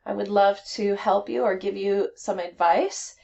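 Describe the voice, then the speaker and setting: A woman's voice: medium pitch, steady tone, mellow, dull audio. Patient woman teaching an English lesson. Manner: clear, patient, deliberate delivery. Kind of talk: classroom instruction video.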